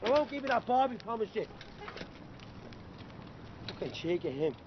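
A man's voice: high voice, very animated, moderate pace, muffled recording, background noise. An actor playing a swaggering young male gang leader who swears freely and bosses his friends around. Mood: cocky. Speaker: gang member.

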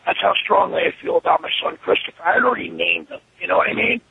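A man in an interview, telling an animated, profane story and acting out what was said. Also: high-pitched, fast talker, vocal fry, hardly any pauses, a little hiss or hum, rough recording. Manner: animated, profane, acts out his own quotes. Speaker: interview guest.

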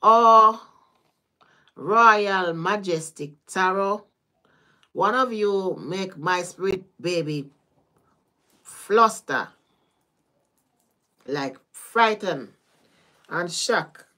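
A woman with a Caribbean accent gives a casual tarot reading on a livestream, chatty, laughing often, and drifting between topics. Her mid-range voice is bright and forceful, and she speaks extremely slowly with long pauses.

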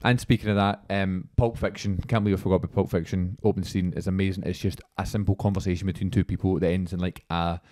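A man's voice: sits low, level tone, quick pace, hardly any pauses, darkish tone. A man in his twenties hosting a podcast, chatting casually and rambling through anecdotes with lots of "like"s. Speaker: podcast host. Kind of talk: casual chat.

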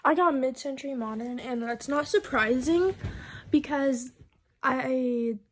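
A young woman chatting casually in a vlog, full of fillers and swearing, slipping into whispers then growing loud and excited. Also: sits high, measured pace, a little hiss or hum, poor audio. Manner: heavy filler and frequent swearing. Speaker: vlogger. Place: at home and outdoors.

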